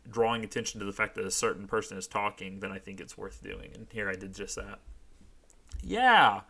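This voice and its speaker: A man's voice: lowish voice, pushed and bright. Sarcastic young man reading his old writing. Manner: self-mocking, sarcastic. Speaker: channel host. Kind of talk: comic read-through commentary.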